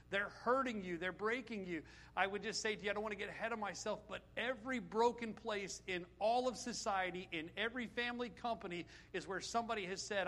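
A man's voice: high-pitched, pushed and bright. A middle-aged man preaching a sermon, emphatic and full of rhetorical questions to his congregation.

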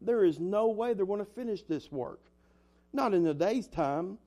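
Scoffing sarcastic enemy of old, as a preacher does him, warm tone, higher pitch. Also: male voice, expressive, normal speed. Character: sarcastic ancient enemy mocking wall builders.

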